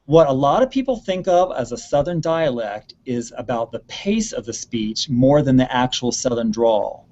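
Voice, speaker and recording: A man's voice: medium pitch, lively intonation, normal speed, hardly any pauses, mellow, muffled recording. A man giving earnest advice on stage performance in an online question-and-answer session, often repeating words for emphasis. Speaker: theater expert answering student questions. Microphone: video call.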